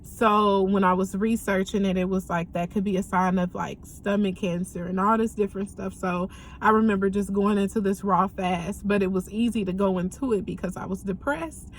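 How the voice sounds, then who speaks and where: Young woman, mid-pitched voice, candid personal testimony, halting and earnest, frequent ums, faint background ambience. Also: fairly even intonation, slight background noise. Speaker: vlogger sharing a personal story.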